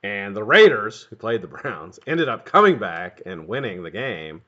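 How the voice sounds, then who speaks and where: A middle-aged man with a lowish voice hosts a casual live stream at normal speed, lively and swearing freely as he greets viewers one after another. The stream audio is dull and lo-fi.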